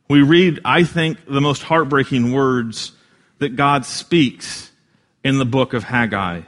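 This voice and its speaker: Slow-paced earnest male preacher. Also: mid-range voice. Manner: earnest preaching, swells louder for emphasis and drops soft. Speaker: pastor. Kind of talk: sermon.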